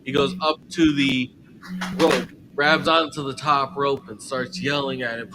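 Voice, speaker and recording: Slow-talking man telling his moves. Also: mid-range voice, little pitch movement, noisy background. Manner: laughing, storytelling. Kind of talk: casual tabletop game play.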